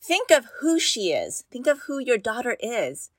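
Hosting a casual advice talk for mothers, a woman speaks earnestly and encouragingly, repeating key phrases and often asking "right?". Her slightly high voice swoops wildly in pitch at a somewhat slow pace, recorded in studio quality with no echo.

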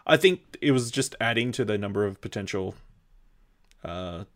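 A man's voice: lowish voice, expressive, moderate pace. A man co-hosting a casual TV review chat, laid-back and brief, often finishing his partner's points. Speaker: podcast co-host.

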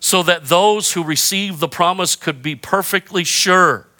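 Bright, high-voiced preaching man. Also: a little slow. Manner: emphatic preaching with call-and-response prompts; self-deprecating humor and repeated phrases. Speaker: pastor. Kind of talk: sermon.

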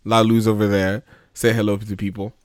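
A low-voiced man hosts a loose, joking podcast, calling out to his listeners and ribbing his co-hosts. His voice sits close and dry, with no room sound around it. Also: little pitch movement, fairly quick, clear, resonant tone, no echo. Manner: playful, teasing, hype intro calls. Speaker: podcast host. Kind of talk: casual podcast banter.

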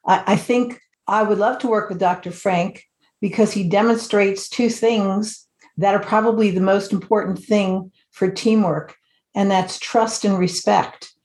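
A woman on a panel giving measured, emphatic comments on teamwork. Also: mid-range voice, darkish tone, echoey room.

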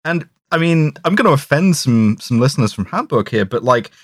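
A man co-hosting a casual podcast about a film, talking in an animated, sweary way with frequent restarts and laughs. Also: mid-range voice, fairly quick, dry recording, clean studio sound. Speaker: podcast co-host.

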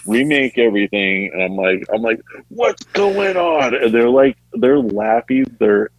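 A man's voice: lowish voice, moderate pace, no echo, rough recording. A man in his thirties telling rambling stories on a podcast, laughing as he talks. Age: 30s. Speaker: podcast guest. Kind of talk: casual storytelling.

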